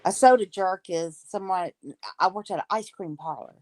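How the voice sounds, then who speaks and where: In casual chat, a female co-host with a Southern American accent explains things in a rambling, hesitant way packed with fillers. Her voice is on the low side for a woman and darkish in tone, at a moderate pace, and the sound is dry and close with no room echo.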